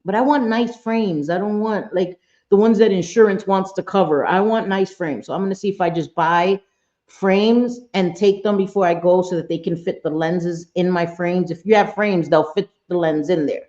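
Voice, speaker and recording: A woman's voice: lowish voice, moderate pace, mellow, muffled recording. A woman hosting a casual livestream chat, blunt and talkative, swearing freely and greeting viewers by name. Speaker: livestream host.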